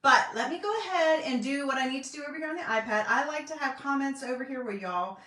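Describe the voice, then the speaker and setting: A chatty middle-aged woman with a Southern US drawl, talking folksy and loose with plenty of ums on a home live stream. Her voice sits a touch high, and it sounds a little far from the mic in a bouncy, echoey room. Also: lively intonation, fast, a bit bright. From North Carolina. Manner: chatty, folksy, lots of fillers. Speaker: craft vlogger and independent designer. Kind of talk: casual live-stream chat. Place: home craft room, indoors. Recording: echoey room, voice a bit distant.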